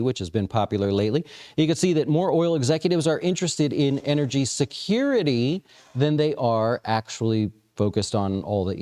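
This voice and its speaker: A man's voice: mid-range voice, dark tone. A man hosting a casual market commentary for an investment firm, talking loosely with many fillers and restarts. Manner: conversational, frequent fillers and restarts.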